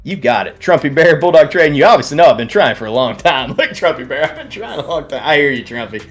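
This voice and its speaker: Guy hosting a live trading stream, bouncy animated voice, rambly and friendly, faint music behind. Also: a little high, fast. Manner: warm, rambling, reads chat aloud, many restarts. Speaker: livestream host. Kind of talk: casual livestream chat.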